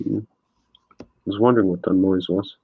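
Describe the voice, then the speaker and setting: Painting live, the host rambles casually with his guest, relaxed and full of fillers. He speaks low, creaky, and a bit breathy, with fairly even intonation at a moderate pace, and the dry, tinny phone-like recording has no echo.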